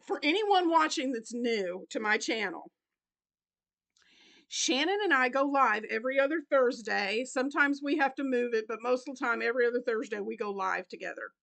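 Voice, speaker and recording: A woman's voice: a little high, expressive, normal speed, gravelly, fairly bright tone. A middle-aged woman chatting casually while unboxing gifts in a crafting vlog, often breaking into helpless laughter. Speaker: crochet vlogger.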